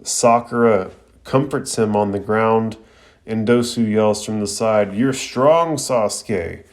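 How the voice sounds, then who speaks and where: A man's voice: fairly low pitch, flat delivery, unhurried. A young man recapping an anime episode in a laid-back, slangy podcast style, with plenty of fillers.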